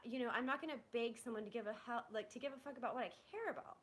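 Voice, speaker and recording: A woman's voice: a little high, very fast. A young woman on a livestream, venting bluntly to her chat, swearing and restarting her sentences. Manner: frustrated, blunt and profane, with many "like"s and restarts. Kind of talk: venting live to stream chat.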